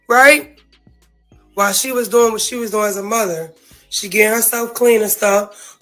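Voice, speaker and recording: A woman's voice: a little high, a bit bright, rough recording. A woman in an emotional, profane, casual rant about family, often saying "you feel me" and near tears. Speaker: sister speaking out.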